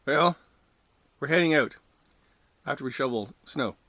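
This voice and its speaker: A man's voice: medium pitch, a little slow, bright, forceful tone, dry recording. A middle-aged man chatting casually and joking while he cooks at camp. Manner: easygoing, jokey, chatty while cooking. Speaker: camping vlog host. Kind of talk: casual cooking vlog chat. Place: heated winter tent outdoors. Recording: noisy outdoor camp audio.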